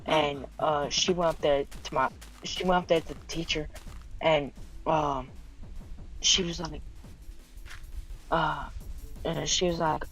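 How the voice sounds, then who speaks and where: A woman's voice: low voice, steady tone, normal speed, a bit bright, faint music behind, low-quality recording. A teenage girl streamer telling a rambling story in casual chat, with lots of fillers and swearing. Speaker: game streamer.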